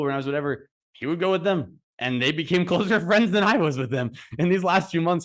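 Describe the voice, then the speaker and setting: A young man in his twenties giving a funeral tribute for his brother, telling stories warmly with fillers and restarts. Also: medium pitch. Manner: heartfelt storytelling with fillers and restarts. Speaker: eulogy speaker, brother. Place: funeral service.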